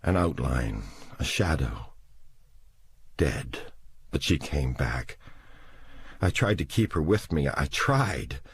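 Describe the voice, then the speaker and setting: A man's voice: very deep voice, animated, takes it slowly, long pauses, husky, exaggerated voice. A man playing a grieving, lonely survivor who talks in heavy, broken, trembling speech, in a storybook reading.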